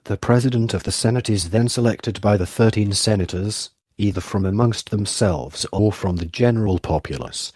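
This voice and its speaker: A man giving a flat, formal scripted reading of names and government titles. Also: on the low side, moderate pace, hardly any pauses, dry recording, studio quality.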